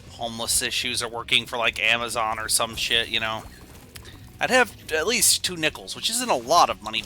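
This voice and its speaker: Man, young adult, game streamer, rambling, goofy, self-mocking, very bright tone, medium pitch. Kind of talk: casual gameplay commentary.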